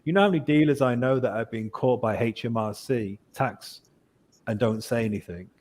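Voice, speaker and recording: A man's voice: medium pitch, moderate pace, darkish tone. A man on a panel chat, speaking earnestly and persuasively. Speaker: panel guest. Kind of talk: casual chat.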